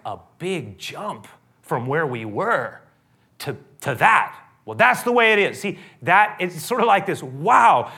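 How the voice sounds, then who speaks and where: A man preaching a sermon in a conversational way, often rising into animated, loud outbursts. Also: high-pitched, breathy edge. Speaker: pastor.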